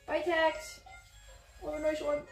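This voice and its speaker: Giggly woman with a highish voice. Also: little pitch movement, slow pace. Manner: giggly, swears a lot. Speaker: streamer. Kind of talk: casual stream chat. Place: office being painted. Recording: roomy, voice far from the mic, faint music.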